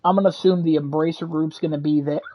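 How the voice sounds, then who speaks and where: A man co-hosting a casual podcast chat, easygoing and quick to laugh. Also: a little high, steady tone, muffled recording.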